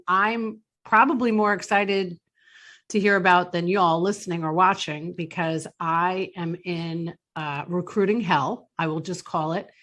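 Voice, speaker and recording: A woman's voice: lowish voice, fairly bright tone. A woman from Long Island with a Long Island accent, hosting an interview in a chatty, playful way that laughs easily. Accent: Long Island New York. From Long Island, New York. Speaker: podcast host. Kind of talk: casual interview chat.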